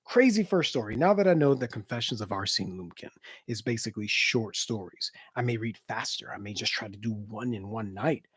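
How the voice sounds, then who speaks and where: A man chatting casually after a live book reading, excitable and slangy, breaking into animated bursts. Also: on the low side, brisk, husky, dry recording, clean studio sound. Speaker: live-stream book reader.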